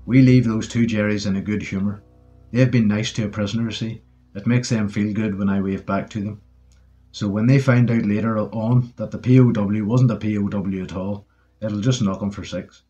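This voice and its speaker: A man's voice: lowish voice, fairly even intonation, moderate pace, warm tone, highs cut off, faint music behind, natural voice. A man reading as a cheeky young British soldier. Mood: jaunty. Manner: breezy and joking.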